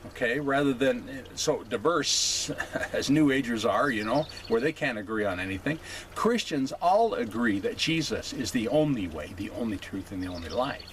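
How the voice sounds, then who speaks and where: A man hosts a casual, unscripted opinion talk in an ordinary middle-pitched voice. He speaks haltingly, with plenty of fillers and restarts, and he often stops to ask "okay?". A faint background hiss runs under his voice. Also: lively intonation, a bit bright. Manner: halting, many fillers, keeps checking in with "okay?". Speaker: host.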